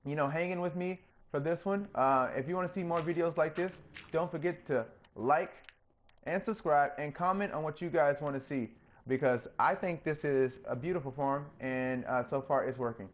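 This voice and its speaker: A man hosting his own gaming channel, chatting casually through his gameplay and getting openly excited when things work. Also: moderate pace. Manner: coaxes the game character in a higher, playful voice.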